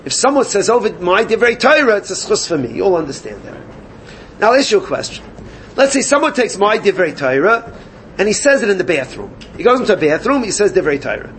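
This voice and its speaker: A man teaching a Gemara class, animated and questioning his students. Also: high-pitched, fast talker, a little hiss or hum. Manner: animated, questioning students, mixes Yiddish and Hebrew terms. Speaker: Talmud teacher.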